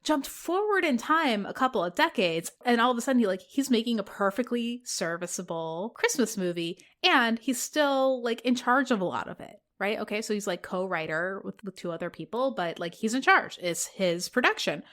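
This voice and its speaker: A woman co-hosts a podcast, chatting casually through a movie recap. She is animated and jokey, and she acts out her own reactions as she goes. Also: fairly high pitch, moderate pace, hardly any pauses. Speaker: podcast co-host.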